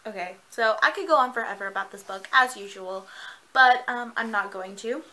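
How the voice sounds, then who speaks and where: A young woman gushing excitedly in a casual vlog. Her voice is very bright and sits a little high, and she laughs often while she talks. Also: moderate pace, low-quality recording. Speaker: book reviewer.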